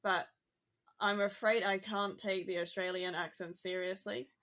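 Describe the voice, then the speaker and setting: A woman chatting on a podcast in a mid-pitched, everyday voice. She thinks out loud, and her sentences are sprinkled with "like" and "you know." The tone stays conversational and unhurried. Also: fairly even intonation. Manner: chatty, musing, frequent "like" fillers.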